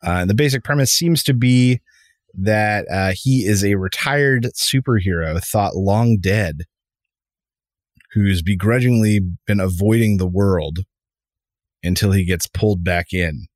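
A man co-hosting a casual podcast chat, easygoing and measured as he reviews a trailer. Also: on the low side, no room sound, studio quality. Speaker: podcast co-host.

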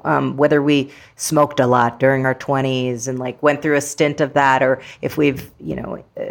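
A woman author speaking as an interview guest, reflective and playful, with frequent fillers. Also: rumbling low. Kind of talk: casual interview talk.

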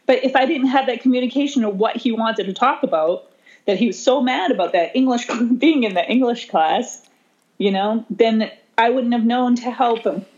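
A woman special education teacher telling a story in conversation, animated, laughing often and voicing the people she quotes. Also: fairly high pitch, moderate pace. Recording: slightly dull lo-fi sound.

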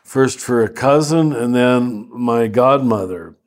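Older male priest, unhurried reflective storyteller, measured delivery. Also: mid-range voice. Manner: slow, storytelling, self-deprecating. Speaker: priest and teacher. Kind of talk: reflective podcast conversation.

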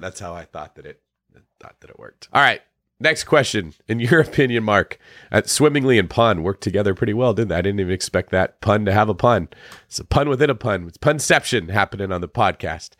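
A man co-hosting a podcast while he has a cold, with a low-pitched voice. The sound is close and dry, and he talks in a teasing, jokey manner full of asides. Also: expressive, a little fast, fairly bright tone, dry recording. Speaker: podcast co-host. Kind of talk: casual interview chat.

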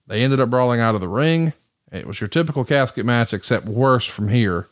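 A man hosting a podcast, giving a brisk recap of matches with wry asides. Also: medium pitch, animated. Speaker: podcast host. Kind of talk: casual wrestling recap commentary.

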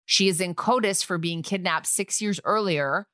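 A woman with a fairly low voice chats through a TV episode recap as a podcast co-host. She puts on playful voices for the lines she quotes. The sound is dry and close, with no room around it. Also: normal speed, bright, forceful tone, dry recording. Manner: chatty, acts out quoted lines in funny voices. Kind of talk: casual recap chat.

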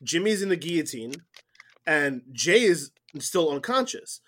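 A man with a fairly high voice narrates a wrestling match blow by blow, a little slowly and with lively storytelling, keeping the casual tone of a podcast chat with a friend.

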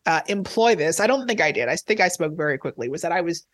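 Fast-talking, excitable man on a podcast. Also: fairly high pitch, dry recording. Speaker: tennis journalist and podcast guest. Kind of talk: casual podcast chat.

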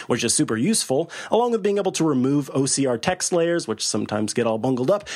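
A man hosting a podcast, explaining things evenly and reading a sponsor ad. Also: a little high. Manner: even, explanatory, informative. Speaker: podcast host. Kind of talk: casual chat and read ad.

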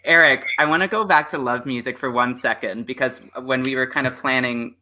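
Male host, casual interview, bright tone, rambling questions. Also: medium pitch, steady tone, a little fast. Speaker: podcast host.

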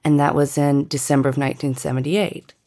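A middle-aged woman narrating a personal story in a measured, deliberate way. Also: sits low, little pitch movement, warm tone. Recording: guitar music underneath.

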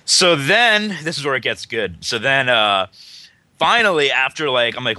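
A man's voice: medium pitch, big pitch swings, moderate pace, sharp tone, no echo. Profane, rambling podcast co-host, a man. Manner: rambling, profane storytelling, acting out both sides of texts and calls. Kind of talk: casual chat.

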